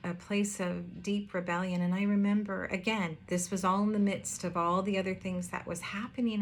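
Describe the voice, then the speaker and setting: A woman's voice: mid-range voice, little pitch movement, slight background noise. Earnest woman preaching a sermon. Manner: earnest, heartfelt, with pauses and hesitations. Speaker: pastor.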